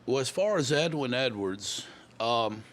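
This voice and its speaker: A man's voice: medium pitch, animated, unhurried, a little hiss or hum. A man, telling stories as a guest in a casual interview, often repeating and restarting words. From Louisiana. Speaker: guest musician.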